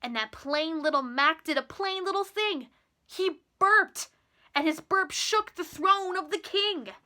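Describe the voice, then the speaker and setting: A teenage girl reading a children's picture book aloud with slow, expressive delivery. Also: extremely high pitch. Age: teens. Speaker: storyteller.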